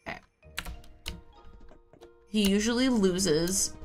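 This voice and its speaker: A woman streamer rambles to her chat in an unhurried, easygoing way, her pitch rising and falling a lot as she talks. Soft game music plays faintly behind her voice. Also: big pitch swings. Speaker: livestreamer. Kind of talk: casual chat while gaming.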